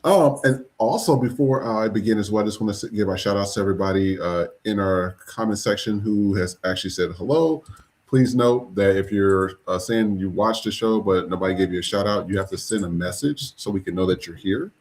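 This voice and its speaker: A man's voice: fairly low pitch, a little fast. A man hosting a podcast, talking casually and rambling with fillers as he greets viewers. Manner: relaxed, rambling with fillers and shout-outs. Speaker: podcast host.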